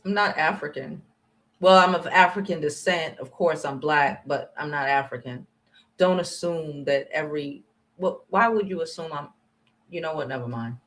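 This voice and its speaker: A woman from the United States hosting her own channel, ranting on a livestream in a blunt, profane, confrontational way, swinging between loud outbursts and low muttering. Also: normal speed. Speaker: channel host. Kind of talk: livestream commentary rant.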